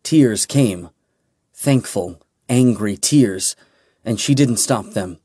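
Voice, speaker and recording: Slow, measured male narrator. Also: on the low side, darkish tone, slightly rough, dry recording, clean studio sound. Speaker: audiobook narrator. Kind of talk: scripted fantasy narration.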